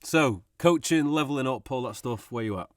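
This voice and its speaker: Animated man telling a story. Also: mid-range voice, normal speed, noisy background. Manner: animated, laughing storyteller who swears. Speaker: podcast co-host. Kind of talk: casual storytelling chat.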